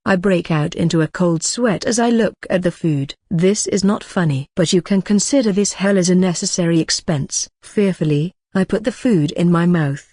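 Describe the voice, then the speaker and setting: A woman reading a translated novel as an audiobook, in an even manner that voices punctuation marks aloud. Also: on the low side, moderate pace, hardly any pauses, no room sound, clean studio sound. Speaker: audiobook narrator. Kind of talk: scripted narration of a translated novel.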